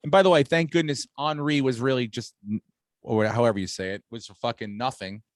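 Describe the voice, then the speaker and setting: A middle-aged man chatting casually on a podcast, telling stories in an animated and profane way. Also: mid-range voice, a little fast, dry recording, clean studio sound. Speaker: podcast host. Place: home on Long Island, New York.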